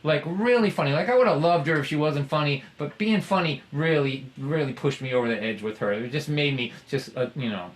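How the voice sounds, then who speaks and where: A man telling a personal story in a conversational, halting way, with self-deprecating humor. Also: on the high side.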